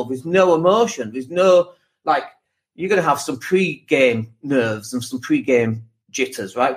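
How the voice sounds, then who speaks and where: A man's voice: a little high, a bit bright. A man hosting a podcast as a property coach, giving a blunt motivational monologue full of rhetorical questions and swearing.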